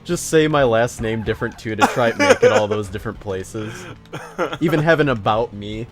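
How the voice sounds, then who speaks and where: A man's voice: medium pitch, big pitch swings, normal speed, music in the background. A man co-hosting a let's play, chatting casually and telling stories about himself with self-deprecating humor. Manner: laid-back, self-deprecating, chuckling. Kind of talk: casual gameplay chat and storytelling.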